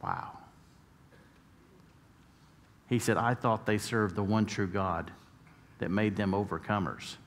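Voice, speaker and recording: An American pastor with a fairly low voice preaches at a moderate pace in a church sanctuary, with a little hiss or hum and long reverb from the hall. His sermon moves through stories, building to emphatic points.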